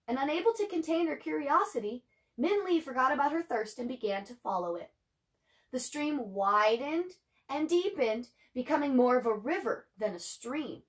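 A woman teacher reading a children's novel aloud to her class in an expressive way, adding chatty asides for her students. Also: sits high, normal speed.

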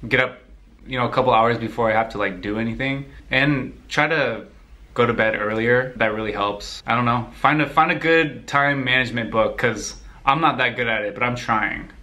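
A young man from the United States answering viewer questions in a relaxed, rambling way, laughing easily. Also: medium pitch, normal speed. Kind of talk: casual Q&A chat.

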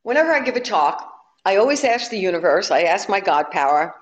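A woman's voice: mid-range voice, very animated, fairly quick. A woman minister giving a sermon in a conversational, humorous way. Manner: conversational and humorous, telling jokes to the congregation.

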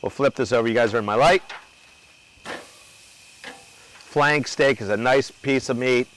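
A man's voice: medium pitch, fairly quick, fairly bright tone, a little hiss or hum, poor audio. Man, grill host, easygoing banter, outdoor cooking demo. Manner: loose, joking, talks to crew and viewers.

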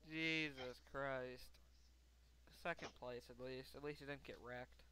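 A young man reacting live to a race in casual chat, blunt and swearing, often flatly resigned. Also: mid-range voice, fairly quick, a little hiss or hum.

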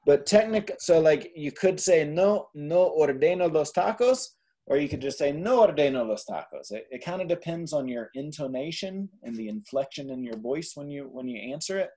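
Patient man tutoring Spanish, husky voice. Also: medium pitch, dark tone. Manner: patient, explanatory, casual fillers. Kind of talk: online tutoring session.

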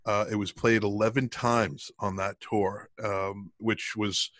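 A man's voice: lowish voice, level tone, slow, fairly bright tone, no echo. A middle-aged man co-hosting a podcast in casual chat, rambling with lots of ums and restarts. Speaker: podcast co-host.

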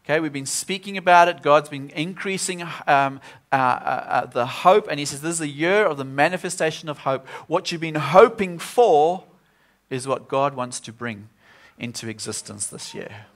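A man's voice: a little high, normal speed, fairly bright tone. Earnest man preaching in church. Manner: earnest, repeats words and restarts often. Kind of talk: sermon. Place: church service.

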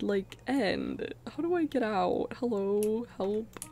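A young woman giving casual, chatty gameplay commentary, easily startled and quick to make fun of herself. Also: mid-range voice, creaky, warm tone, soft background music. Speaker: gaming video creator.

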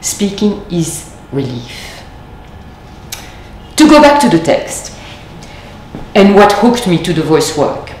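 A woman speaks slowly and thoughtfully, giving a reflective lecture. Her voice sits a little low, and it rings in a reverberant lecture room with faint background noise. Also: very animated, a little mellow. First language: French. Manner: measured, thoughtful, with deliberate pauses.

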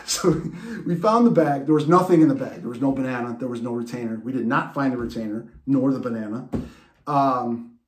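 A man hosting a podcast and telling a personal story in an animated way, with restarts and laughs. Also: mid-range voice, fairly quick, reverberant. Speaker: podcast host. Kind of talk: storytelling monologue.

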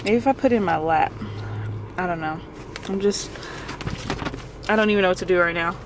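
A young woman vlogging from her car, gasping and exclaiming as she talks quickly and excitedly. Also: lowish voice, noisy background. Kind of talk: excited casual vlog. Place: in a parked car. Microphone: phone camera held close.

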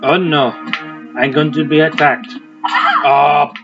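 Crude joking man over loud game music. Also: on the high side, flat delivery, takes it slowly. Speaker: gaming commentator. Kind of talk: let's play commentary. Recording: dull lo-fi mic with game music.

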